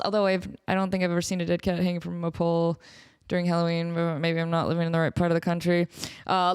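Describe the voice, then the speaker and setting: A woman hosting a casual solo podcast, excitable and rambling, who keeps breaking into sung snippets and laughter. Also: fairly low pitch, fast talker, clear, resonant tone. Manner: talks to her cat. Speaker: podcast host.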